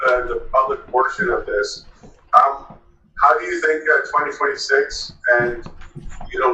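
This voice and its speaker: A man's voice: medium pitch, bright, forceful tone, a little hiss or hum. A man hosting a faith talk, reflecting aloud and then posing a question with "uh" and "um". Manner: reflective, with "uh" and "um" while framing questions. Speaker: host. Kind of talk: casual faith talk, interviewing. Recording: dull, echoey sound from a distant mic.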